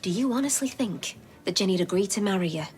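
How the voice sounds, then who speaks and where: A woman's voice: medium pitch, expressive, fast talker, darkish tone, natural voice. A young actress playing a forthright woman who talks firmly and scolds her friend. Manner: firm and scolding.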